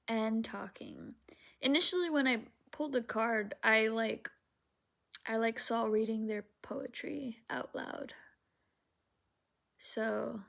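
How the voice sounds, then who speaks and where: A young adult woman giving a casual tarot reading, musing slowly and dreamily with many fillers. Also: on the high side, gravelly. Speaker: tarot reader.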